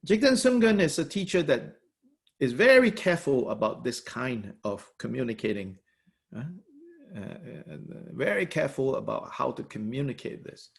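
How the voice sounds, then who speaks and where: A man lectures on a religious text as a Buddhist teacher, speaking in a thoughtful, halting way. His voice has a gravelly edge and moves up and down widely in pitch. He fills his pauses with soft fillers and laughs lightly now and then. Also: big pitch swings. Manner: laughs lightly while explaining.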